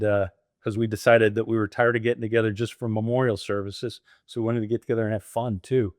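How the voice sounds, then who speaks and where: A man's voice: fairly low pitch, no echo, studio quality. A middle-aged American man, a guest in an interview, telling stories animatedly, laughing often and acting out what others said. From United States. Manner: animated, laughs often, acts out quoted dialogue. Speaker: guest, former military pilot and franchise owner. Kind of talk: conversational storytelling interview.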